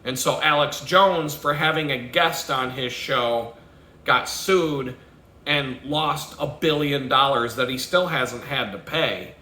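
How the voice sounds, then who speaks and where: A man, ranting alone with swearing and conspiracy talk, sometimes shouting loudly. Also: medium pitch, slow, roomy sound. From Texas. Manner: profane, conspiratorial, swings into loud shouting and mimicked sounds. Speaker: podcast host. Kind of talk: profane solo rant.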